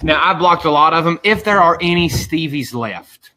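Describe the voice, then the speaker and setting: Bright-voiced man hosting a live stream. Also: fairly high pitch, animated, moderate pace. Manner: rambling, defiant, many restarts. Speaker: show host. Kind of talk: live-stream talk show chat.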